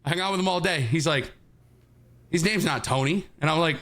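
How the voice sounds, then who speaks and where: Man telling a story, bright voice, slightly high, animated delivery, plays out other people's lines. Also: fairly quick. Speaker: podcast co-host.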